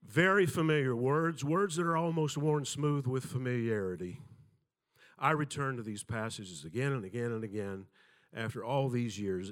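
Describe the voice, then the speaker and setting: An older man preaches with a Southern American accent and an unhurried, folksy storytelling manner. His pitch sits in an ordinary middle range. He slips into acted voices for the people in his anecdotes. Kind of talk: sermon with storytelling.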